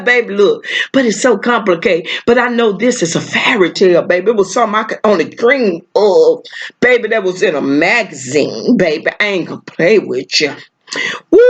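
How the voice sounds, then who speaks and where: A woman's voice: medium pitch, a bit bright. A woman giving a casual tarot reading to her viewers, emotional and repetitive, calling them baby and girl and laughing often. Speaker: tarot reader.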